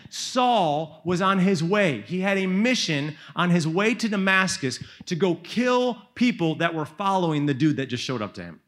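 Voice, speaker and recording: A man's voice: high voice, fairly bright tone. Casual, slangy young male preacher. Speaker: youth speaker. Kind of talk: sermon.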